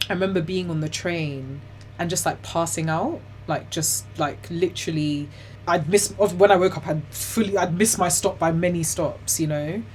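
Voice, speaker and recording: A young woman, telling her own story as an interview guest in a chatty, animated way, full of "like" and "you know". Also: lowish voice, moderate pace, a little hiss or hum. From Ghana and the UK. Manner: laughs often while telling hard stories.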